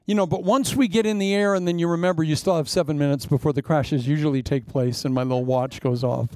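A man's voice: on the high side, fairly even intonation, fast talker, hardly any pauses, darkish tone, no echo, clean studio sound. An older man preaching as a pastor, telling humorous stories with a jokey, self-mocking manner and acting out quotes. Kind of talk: humorous storytelling sermon.

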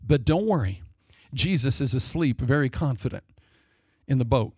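A man preaching a sermon, dramatic and storytelling, acting out voices in quick asides. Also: medium pitch, expressive, breathy edge, dry recording, studio quality. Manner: dramatic, acts out demons and people in quick asides.

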